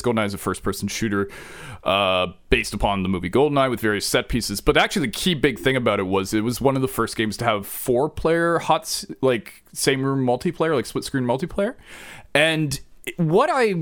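A man's voice: mid-range voice, dry recording. Rambling male podcast host, dry sound. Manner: rambling, digressive storytelling with many restarts. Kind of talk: casual podcast chat.

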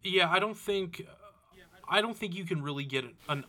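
A man with a fairly high, bright voice co-hosts a casual podcast chat. He often trails off and restarts his sentences, then asks his guest questions. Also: normal speed. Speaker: podcast co-host.

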